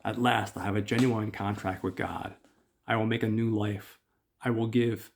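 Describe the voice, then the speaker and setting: A man reading aloud and voicing an older wealthy man, earnest and formal, with a gravelly edge. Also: on the low side, little pitch movement, moderate pace, slight background noise. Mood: hopeful. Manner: earnest, formal old-fashioned phrasing. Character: older wealthy man, bitter then hopeful.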